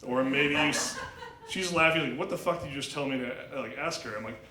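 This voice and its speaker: A man performs a crude, rambling stand-up set, full of restarts and fillers. His voice is bright and forceful, at a middle pitch. The club room rings around him, with a faint hum of ambience behind. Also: fast, echoey room, low-quality recording. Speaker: stand-up comedian at open mic. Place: small club stage.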